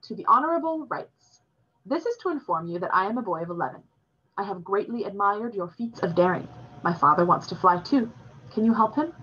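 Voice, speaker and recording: A woman voicing an earnest, shy eleven-year-old immigrant boy who speaks in careful, halting broken English. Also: medium pitch, animated, sharp tone, slightly rough, highs cut off.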